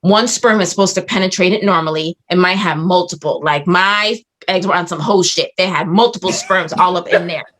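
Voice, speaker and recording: A woman's voice: lowish voice, brisk, few pauses, fairly bright tone. A woman guest on a podcast, telling a story in casual chat with blunt, dramatic, profane delivery.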